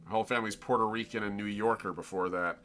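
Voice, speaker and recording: A man's voice: on the low side, steady tone, fast talker, pushed and bright. A man with a Floridian accent, chatting casually and rambling as he explains his drawing on a live stream. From Florida, United States. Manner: rambling, self-interrupting, explains as he draws.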